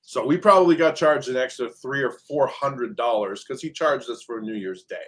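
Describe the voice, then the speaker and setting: A man's voice: mid-range voice, moderate pace, fairly bright tone. Chatty man retelling a repair saga. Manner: storytelling, acts out quoted exchanges, many fillers. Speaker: short-term rental property manager. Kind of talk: casual podcast chat.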